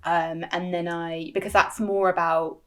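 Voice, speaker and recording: A woman's voice: on the low side, level tone, unhurried. Chatty young woman podcaster. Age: 20s. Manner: chatty, lots of fillers like "like". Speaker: podcast co-host. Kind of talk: casual chat.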